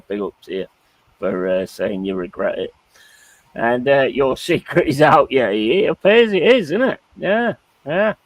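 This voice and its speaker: A man's voice: mid-range voice, dry recording, poor audio. A British man hosting a live stream, chatting casually, reading out chat comments, swearing and laughing easily. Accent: British English. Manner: laid-back, swears, laughs often, reads chat aloud. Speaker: streamer host. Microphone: streaming mic.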